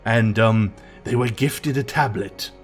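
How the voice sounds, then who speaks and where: A man voicing an excitable, fussy male wizard scholar who stumbles over his words. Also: lowish voice, takes it slowly, faint music behind. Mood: hushed storytelling.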